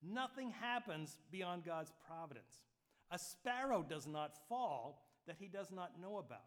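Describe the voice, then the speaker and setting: A man with a notably high voice delivers a sermon. His preaching is relaxed and conversational, with frequent check-ins with the listeners and touches of gentle humor. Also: measured pace. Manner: light humor woven into teaching. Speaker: pastor.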